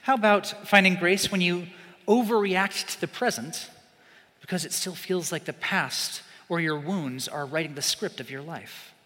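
A man preaching a sermon, animated, swinging from loud emphasis to hushed, slow asides. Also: high-pitched, in a large hall.

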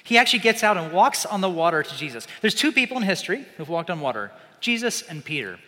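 A man with a high, bright voice preaches a sermon, shifting from loud emphatic bursts to quiet, slow asides. His words ring out with a long reverb, as if heard through a large hall. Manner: animated, swings from loud emphasis to hushed asides.

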